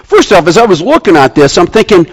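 A man preaching a sermon to his congregation, emphatic and repeating key phrases, sometimes dropping to a quiet, slow delivery. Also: sits high, sing-song. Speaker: pastor. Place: church sanctuary with congregation.

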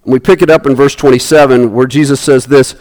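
Speaking at a mid-range pitch and a bit fast, a pastor brings his sermon's story to life by acting out its characters. His voice jumps widely, and he often starts his phrases over.

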